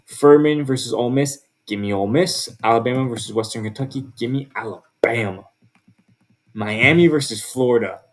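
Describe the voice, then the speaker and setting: A man's voice: medium pitch, moderate pace. A man talking casually through his football predictions, with lots of fillers and restarts. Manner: chatty, with many fillers and restarts. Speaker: sports video host.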